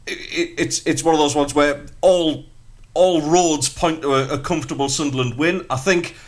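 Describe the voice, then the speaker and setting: A man's voice: on the high side, fairly even intonation, normal speed. A man with a North East English accent giving football analysis on a breakfast radio show, talking casually with plenty of fillers and restarts. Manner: chatty, frequent fillers and restarts. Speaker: football pundit.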